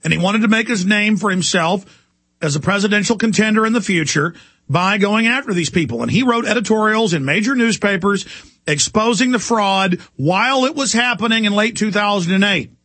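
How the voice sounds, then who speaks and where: High-pitched, forceful ranting man. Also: lively intonation, brisk, dry recording. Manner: impassioned, indignant ranting. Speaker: talk radio host. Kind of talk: talk radio monologue.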